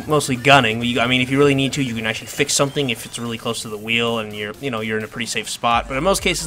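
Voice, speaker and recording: Bright-voiced man giving casual game commentary. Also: mid-range voice. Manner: casual, rambling, self-joking. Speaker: gaming video creator. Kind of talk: gameplay tutorial commentary. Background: faint background music.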